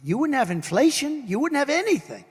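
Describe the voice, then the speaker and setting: Older man, rally speech, high-pitched voice, emphatic, repetitive lists, long hall reverb. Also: very animated, brisk. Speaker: political candidate at a rally. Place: large rally venue. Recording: long reverb from a large venue.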